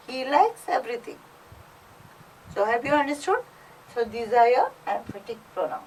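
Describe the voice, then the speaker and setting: A Goan-accented woman teaching a classroom French lesson at an unhurried pace, her fairly high voice repeating each phrase so the students can follow. She sits a little back from the mic, so her voice sounds slightly distant. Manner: slow, explaining step by step, repeating phrases.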